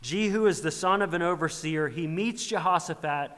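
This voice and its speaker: A man's voice: a little high, moderate pace, fairly bright tone. A man preaching a sermon, retelling a scripture story with rhetorical questions and acted-out quotes. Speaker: pastor. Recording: long reverb of a large hall.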